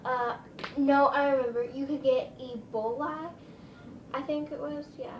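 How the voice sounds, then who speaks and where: Rambly chatty woman telling a story, kinda high voice, echoey room, mic a bit far away. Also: fairly even intonation, unhurried, highs cut off, slight background noise. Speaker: vlogger. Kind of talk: casual storytime.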